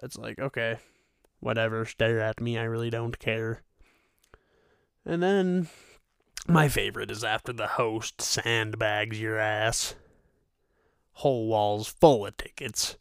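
A man's voice: medium pitch, a bit bright, clear, resonant tone, no room sound, studio quality. A young man hosting his own podcast, ranting sarcastically about restaurant work and cursing freely. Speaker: podcast host. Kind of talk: profane ranting monologue.

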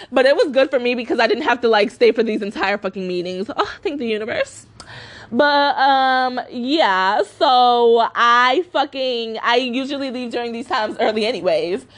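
Young woman ranting on her podcast, high voice, cussing every other line, lots of "like". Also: fairly bright tone. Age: 20s. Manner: profane, emphatic, full of fillers; mocking high voice when quoting others. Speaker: podcast host. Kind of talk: casual ranting monologue.

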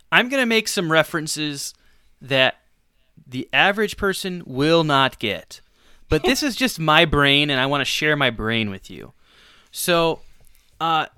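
On a sports podcast, a male co-host spins a long, animated story, laughing at himself in bursts as he goes. His bright, smooth, slightly high voice is recorded close and dry, with no room sound at all.

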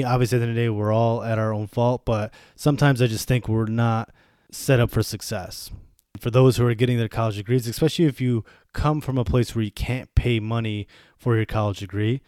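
A man's voice: on the low side, darkish tone, no room sound, studio quality. A man in his thirties from the United States, hosting a podcast in a casual, profane rant. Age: 30s. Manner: profane, ranting. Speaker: podcast host. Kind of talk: casual monologue.

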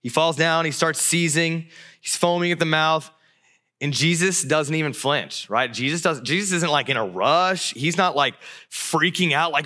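A man's voice: fairly high pitch, moderate pace. A man preaching a sermon as pastor, telling a story and speaking straight to the listeners. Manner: animated preacher who acts out voices.

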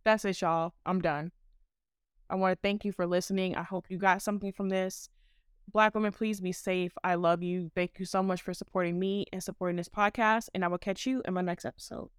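Woman podcast host, impassioned and profane; clear voice, dry and close-miked. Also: fairly low pitch, steady tone, a little fast, no room sound. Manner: blunt, fiery, profane.

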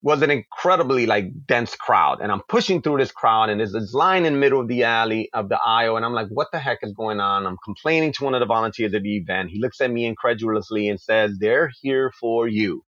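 His voice is on the low side and a bit bright, captured in a dry, muffled recording. He is a comic book creator from New York, telling passionate, fast-moving stories in an interview and acting out the asides.

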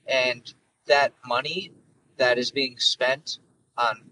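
Profane, rambling young podcast host. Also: male voice, medium pitch, steady tone, slow pace, bright, forceful tone, distant mic, a little hiss or hum, poor audio. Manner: rambling, profane, jokey, with frequent fillers. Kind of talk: casual solo monologue.

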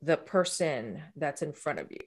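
A woman's voice: low voice, sing-song, moderate pace, breathy edge. A woman hosting an interview, asking playful and teasing questions in a casual chat. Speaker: podcast host.

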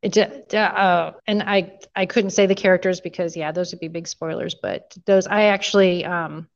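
A woman's voice: fairly low pitch, steady tone, moderate pace, creaky. Middle-aged woman, podcast co-host, emotional, gushing, muffled lo-fi audio. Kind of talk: casual chat. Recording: dull lo-fi sound.

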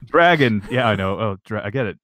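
A man co-hosting a podcast, excitable and rambling in jokey casual chat. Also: on the low side, brisk, a little hiss or hum. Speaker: podcast co-host.

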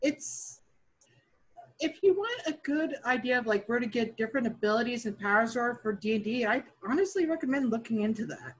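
A woman's voice: on the high side, animated, a little fast, husky, poor audio. A woman guest on a podcast, a dungeon master, chatting candidly and laughing at herself. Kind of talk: casual interview chat.

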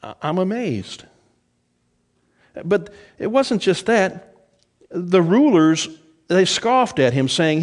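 Middle-aged guy preaching a sermon, kinda high voice, lots of ups and downs, goes low and soft on the bible quotes. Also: very animated, slow, long pauses. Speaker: pastor.

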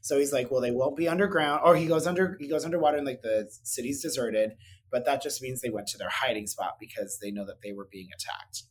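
A man's voice: medium pitch, quick pace, husky. A man co-hosting a casual film podcast, talking animatedly and doing mocking impressions. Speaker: podcast co-host. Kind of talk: casual chat about films.

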